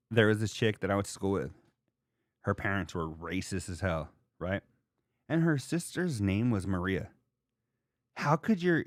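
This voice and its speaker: A man hosting a podcast in casual chat, rambling and joking in an animated way. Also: fairly low pitch, no room sound, studio quality. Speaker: podcast host.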